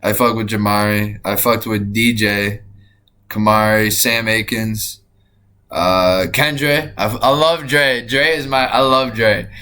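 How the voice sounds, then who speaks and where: A young man streaming, reacting out loud in casual chat, profane and excitable, laughing often. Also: fairly low pitch, takes it slowly, smooth. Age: young adult.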